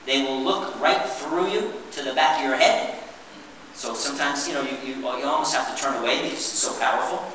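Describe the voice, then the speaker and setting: Animated man presenting in an echoey hall. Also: medium pitch, brisk, crowd noise. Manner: animated, calls on the audience for answers. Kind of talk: interactive workshop presentation. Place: meeting room with an audience. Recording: echoey hall, mic far off.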